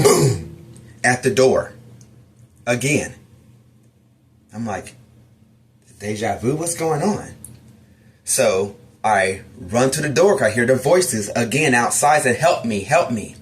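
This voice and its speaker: A man telling a personal story of a frightening dream, acting out his own lines as he goes. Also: medium pitch. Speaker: testimony storyteller.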